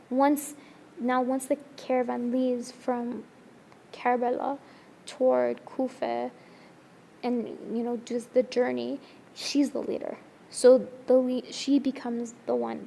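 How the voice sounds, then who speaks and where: A woman's voice: fairly high pitch, vocal fry, warm tone, a little hiss or hum. A woman telling a religious story in an earnest, emotional way during a discussion, often restarting her sentences.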